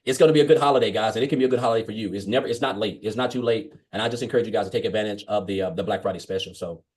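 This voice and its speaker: A man's voice: on the low side, racing, a little mellow. A man giving a fervent, grateful testimonial on a webinar video call, often addressing listeners as guys. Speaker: webinar guest. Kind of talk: casual testimonial.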